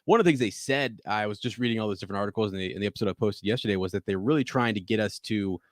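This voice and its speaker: Rambling podcast co-host, low voice. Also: male voice, rapid-fire, no room sound, clean studio sound. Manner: rambling, full of restarts. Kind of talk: casual live call-in podcast chat.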